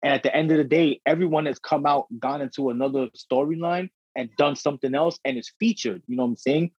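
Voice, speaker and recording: A husky young man riffs on wrestling with a podcast co-host, cursing and tossing out slang as he gets worked up. His voice sits at a middle pitch and comes through dry and a little muffled, like a lo-fi recording. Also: fast, no echo. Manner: profane, slangy, excitable. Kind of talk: casual wrestling chat. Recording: dry dull lo-fi audio.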